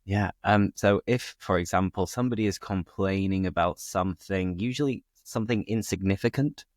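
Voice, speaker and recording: A man's voice: moderate pace, no echo, studio quality. A man with a northern English accent, hosting a casual conversation show for English learners in an upbeat, bouncy way. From northern England. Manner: upbeat, bouncy, lively pitch. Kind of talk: casual chat.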